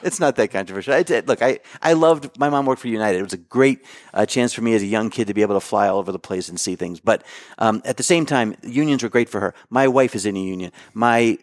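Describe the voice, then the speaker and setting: A man's voice: lowish voice, fast, dry recording. Middle aged guy running for office, pushy answers, lots of restarts, dry close sound. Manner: insistent, talks over the host, many restarts. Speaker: political candidate. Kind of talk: interview answers.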